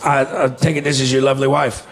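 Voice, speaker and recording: A man's voice: medium pitch, level tone, fast talker. A male stand-up comedian telling crude stories and working the crowd, acting out the other voices. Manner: crude, drawling storyteller who acts out other voices. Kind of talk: stand-up set with crowd work. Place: comedy club stage. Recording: live club recording with audience noise. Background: audience laughter.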